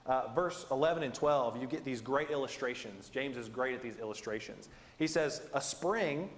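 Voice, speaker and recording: A man teaching a Bible class in a conversational, self-deprecating, animated way. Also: mid-range voice. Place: church building. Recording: echoey hall with long reverb.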